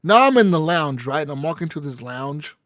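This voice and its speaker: A man hosting a podcast, casually retelling a video game story in an animated, profane way and acting out the dialogue. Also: on the high side, a little fast, dry recording. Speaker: podcast host.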